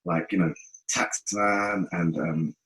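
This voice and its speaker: A man with a London accent, a guest telling stories in a casual interview, animated and rambling, acting out the people he quotes. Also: deep voice, rough recording. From North West London. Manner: animated, acts out quoted voices, fast rambling. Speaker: guest musician.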